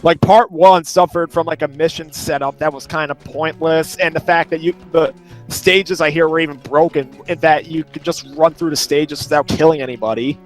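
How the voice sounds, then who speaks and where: A man hosting a let's play, talking casually over his gameplay. His voice sits somewhat high, and he rambles, piling up detail after detail in long lists. Faint music plays underneath. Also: fairly even intonation, normal speed.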